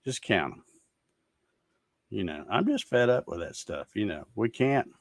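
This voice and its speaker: A man's voice: lowish voice, sing-song, unhurried. A man hosting a casual livestream, ranting in a fed-up, sarcastic way and laughing at viewer comments. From Georgia, USA. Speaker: show host reading viewer comments.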